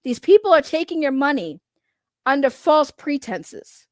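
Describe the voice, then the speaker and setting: A woman's voice: sits high, sing-song, unhurried, no echo. A woman doing casual livestream commentary, rambling and blunt, swearing freely and laughing often. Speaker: online commentator.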